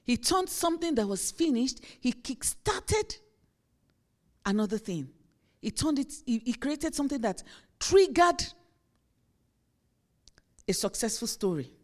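A woman pastor with a somewhat high voice preaches in a relaxed, chatty way. She slips into short acted-out lines to show everyday examples to the congregation. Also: unhurried, pauses often. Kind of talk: sermon.

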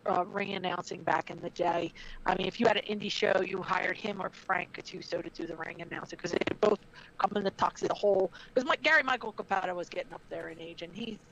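A woman's voice: lowish voice, quick pace, a little hiss or hum. A brash middle-aged woman, a former wrestler and trainer, telling stories in a casual interview with plenty of swearing. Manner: brash, profane, animated. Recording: dull lo-fi audio.

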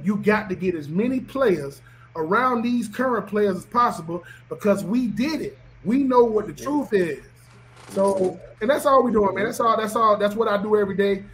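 A man's voice: high-pitched, fairly bright tone. A man, a former football player talking on a podcast in an emphatic, preachy way, often repeating himself. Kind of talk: animated podcast talk.

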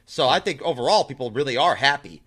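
A man's voice: mid-range voice, animated, fast, fairly bright tone. A man chatting as a podcast guest, laid back and chatty with many fillers. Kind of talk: casual chat.

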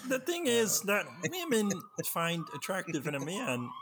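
A high, nasal frog-puppet professor lectures in a sing-song, swooping cadence, as a man puts him on. There is faint room hum behind him. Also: huge pitch swings, a little slow, exaggerated voice. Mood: lecturing.

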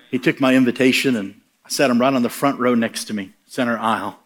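A man's voice: medium pitch, quick pace, few pauses. A man preaching who tells a story and acts out the voices in it. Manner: animated, acts out the voices in his stories. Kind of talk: sermon storytelling.

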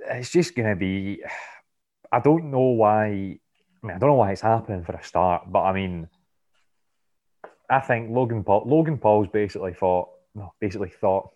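A man's voice: fairly low pitch, normal speed, darkish tone. A man guesting on a podcast, chatting about sports casually, often stumbling and repeating words as he thinks. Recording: dull lo-fi podcast mic.

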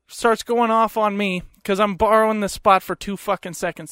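A man hosting a podcast, telling a story in a profane, animated rant into a close mic. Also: sits high, moderate pace, few pauses, clear, resonant tone, no echo. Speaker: podcast host. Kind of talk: comedic storytelling.

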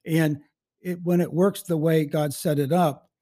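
A man's voice: fairly high pitch, fairly even intonation, unhurried, dark tone. A man in his seventies, a guest in a casual interview, telling stories in a folksy, rambling way, often restarting his sentences. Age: 70s.

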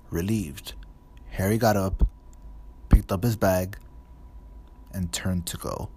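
A man narrating a storybook in a measured, even reading. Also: sits low, slightly rough. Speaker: audiobook narrator.

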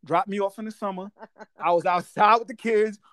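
A man in his forties from Guyana, talking in a slightly high voice. He tells stories in a loose, slangy, animated way and laughs as he goes. The sound is dry and close. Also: a little fast, dry recording. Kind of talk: casual storytelling chat.

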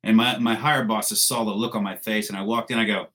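A man's voice: on the low side, steady tone, fast, a bit bright. A man, a military veteran, telling a combat story in a blunt, casual, profane way with wry laughs.

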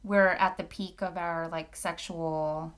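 A woman's voice: on the low side, steady tone, slow pace, a bit bright. A woman co-hosting a casual podcast chat, giggly and a little hesitant, often agreeing with her friend. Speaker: podcast co-host.

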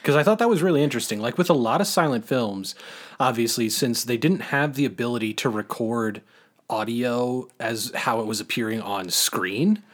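A man's voice: medium pitch, moderate pace. A man co-hosting a podcast in casual chat, rambling and self-deprecating, laughing often. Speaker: podcast co-host.

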